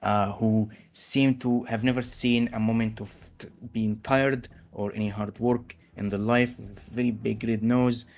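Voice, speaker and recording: A man narrating a tabletop game as game master, halting and full of fillers. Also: fairly low pitch, steady tone, darkish tone. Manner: halting, many fillers and restarts.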